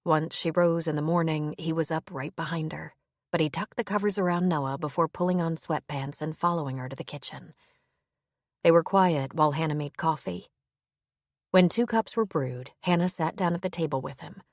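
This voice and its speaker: A woman narrating a romance novel in measured, even storytelling. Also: low voice, no room sound, clean studio sound. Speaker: audiobook narrator. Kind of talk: scripted narration.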